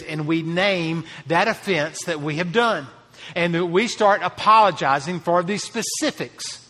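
High-voiced bright pastor preaching in a hall. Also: male voice, normal speed. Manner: earnest preaching, rising emphasis on key phrases. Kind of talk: sermon.

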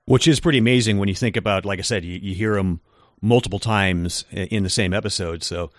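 Low-voiced man explaining in a dry room. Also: no echo. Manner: measured, explanatory, with fillers. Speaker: podcast co-host. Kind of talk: casual chat.

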